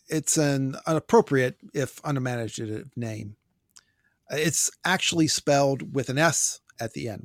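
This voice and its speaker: A man's voice: mid-range voice, dry recording, clean studio sound. A man hosting a casual book discussion, reading out listener notes in a wry, wordy way and stumbling over pronunciations. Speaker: podcast host.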